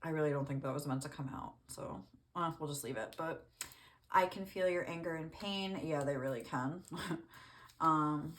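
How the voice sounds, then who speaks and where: A woman with a low voice gives a casual tarot reading. She rambles along in a loose, chatty way, full of fillers and small asides. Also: moderate pace, a bit bright, slight background noise. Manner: rambling, lots of "like", laughs often. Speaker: tarot reader.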